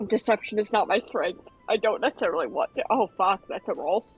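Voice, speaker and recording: A woman's voice: medium pitch, brisk, slightly rough, lo-fi sound, soft background music. A woman playing a tabletop game, speaking in a hesitant, sheepish way. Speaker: player. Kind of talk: tabletop role-play.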